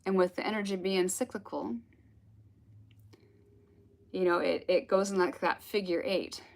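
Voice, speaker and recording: With a lowish, creaky voice and a steady tone, a woman speaks at a measured pace in a relaxed spiritual talk. She is a spiritual teacher whose storytelling wanders in a chatty way, punctuated by laughter.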